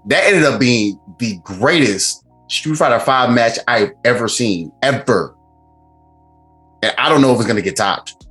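A man hosts a casual podcast, talking in a bright, forceful voice that swings widely in pitch. He is animated and profane, breaking into laughter often. Faint music runs underneath. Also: unhurried. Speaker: podcast host. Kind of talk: casual chat.

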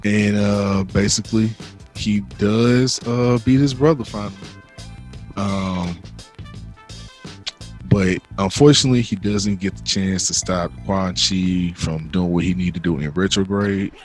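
A man with a fairly low voice talks through a game's plot for his podcast co-hosts. He keeps it loose and profane and jokes as he goes. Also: fairly even intonation, measured pace, soft background music. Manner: loose and profane, acting out characters' lines. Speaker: podcast co-host retelling a game's story mode. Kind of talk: casual chat, storytelling recap.

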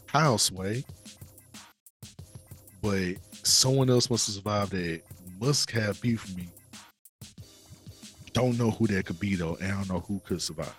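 A man co-hosting a podcast, casually retelling a game's story in slangy talk and acting out the characters' lines. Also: lowish voice. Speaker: podcast co-host.

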